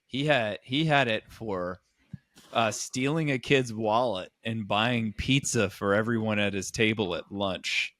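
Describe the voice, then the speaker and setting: A man's voice: fairly low pitch, a little slow, fairly bright tone, no echo, studio quality. A man co-hosting a comedy podcast in casual chat, teasing his co-host with jokey asides and frequent laughs.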